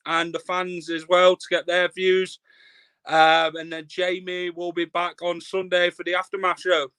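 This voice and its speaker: Brisk joking male fan-show host. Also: sits high, pushed and bright, smooth, dry recording. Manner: jokey, brisk wrap-up patter. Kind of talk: casual live show chat.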